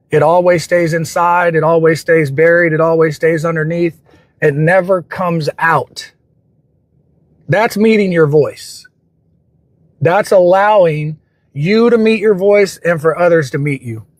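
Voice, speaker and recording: A man's voice: a little high, no echo. A man with a slightly raised voice hosts a livestream and gives a reflective, motivational talk. He speaks earnestly and often loops back to repeat his phrases, and the sound is close and dry. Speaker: livestream host.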